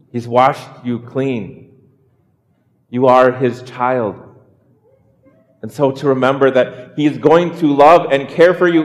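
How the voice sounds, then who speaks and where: A man's voice: mid-range voice, darkish tone, big-room sound. A man preaching a sermon, earnest, often repeating words as he builds a point. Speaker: pastor.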